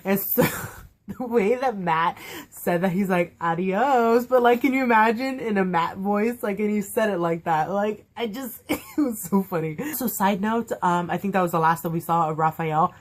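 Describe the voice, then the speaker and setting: A woman's voice: mid-range voice, normal speed. A young woman chatting through a casual fan review of a TV episode, gushing and filling her talk with "like". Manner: gushing, chatty, heavy use of "like" fillers. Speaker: TV show reviewer.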